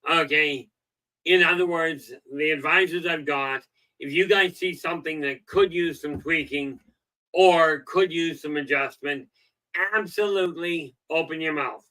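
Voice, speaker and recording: A man's voice: fairly high pitch, measured pace, pushed and bright, rough recording. A middle-aged man hosting a self-help livestream, rambling in a folksy way with lots of "okay" and "you know," and telling jokes. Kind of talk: casual livestream talk.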